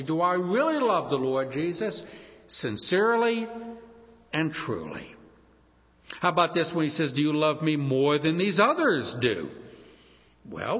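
A man preaching a sermon, emphatic, with a voice that rises and falls. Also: high-pitched. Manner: emphatic, rising and falling. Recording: dull lo-fi audio in a long-reverb hall.

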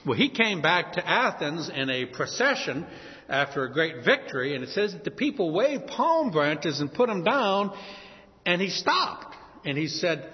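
A man from New Orleans with a New Orleans accent preaching a sermon as pastor, telling stories in a lively way and acting out shouted quotes. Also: high-pitched, moderate pace. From New Orleans, USA. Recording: muffled sound with long hall reverb.

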